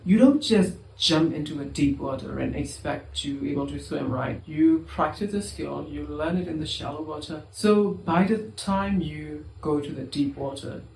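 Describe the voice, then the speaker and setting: A man's voice: fairly high pitch, normal speed, gravelly, darkish tone, slight background noise. A man coaching viewers through anxiety recovery in an earnest, reassuring self-help talk, speaking straight to the listener.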